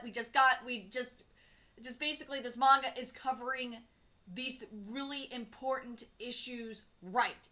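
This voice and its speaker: A woman in her thirties hosting a manga reaction, reading the dialogue aloud and reacting with candid emotion. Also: high-pitched. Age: 30s. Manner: emotional and candid, reads dialogue flatly between outbursts.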